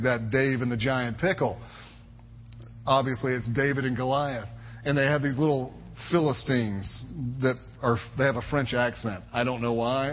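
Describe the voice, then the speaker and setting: A man in his thirties preaching a sermon as a pastor, emphatic and conversational, repeating his phrases for weight. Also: medium pitch. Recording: echoey hall, dull lo-fi sound.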